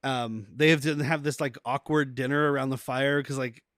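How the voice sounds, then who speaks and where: A man's voice: medium pitch, steady tone, moderate pace, fairly bright tone, dry recording, clean studio sound. A man co-hosting a podcast, chatting casually and retelling TV scenes with frequent laughter. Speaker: podcast co-host. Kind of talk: casual chat recapping a TV show.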